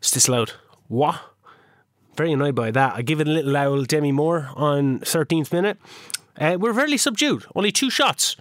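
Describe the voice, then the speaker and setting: Playful man, lively voice. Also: fairly high pitch, normal speed, no room sound, studio quality. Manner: teasing, playful, jokey. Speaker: podcast co-host. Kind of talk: casual chat recapping a video game season.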